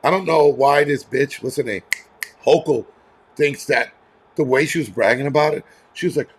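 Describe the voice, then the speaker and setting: This livestream host's voice is a little high and husky, and he speaks at a moderate pace. At home near a terrace, he rants bluntly and angrily, swearing a lot and wandering into rambling asides.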